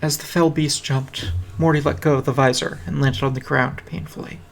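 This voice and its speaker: A man's voice: medium pitch, level tone, moderate pace, creaky, slight background noise. A man reading a fantasy fan story aloud on a stream, with a dry, wry delivery. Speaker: reader. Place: home streaming setup. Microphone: streaming mic.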